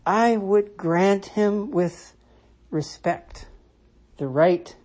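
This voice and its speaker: A commentator giving a reflective solo monologue, measured and deliberate, restating points for emphasis. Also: mid-range voice, mellow. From United States. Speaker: Christian commentator.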